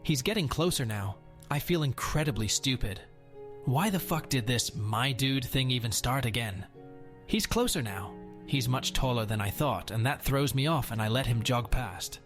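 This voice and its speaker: Male voice, wry Reddit post reading, mid pitch, soft music underneath. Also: lively intonation, normal speed. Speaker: narrator.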